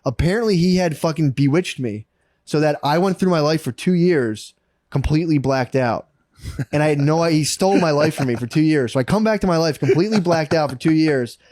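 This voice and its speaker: A man's voice: a little high, a little fast, a little mellow, dry recording, clean studio sound. A man co-hosting a comedy podcast in casual chat, rambling through long stories and saying "dude" constantly. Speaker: podcast co-host.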